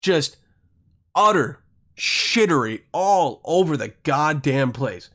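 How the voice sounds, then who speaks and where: A man's voice: on the high side, lively intonation, slow, a bit bright. Crude, rambling man with a raised voice. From Europe. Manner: rambling, crude, swears constantly, self-interrupting. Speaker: podcast host. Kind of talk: casual storytelling monologue.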